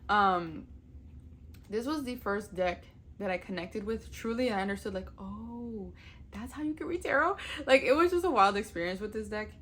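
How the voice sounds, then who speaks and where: A young woman who vlogs about tarot chats casually on camera, gushing, cursing freely, and laughing often. Her medium-pitched voice has lively intonation, a moderate pace, and a slightly bright quality, with a bit of background noise.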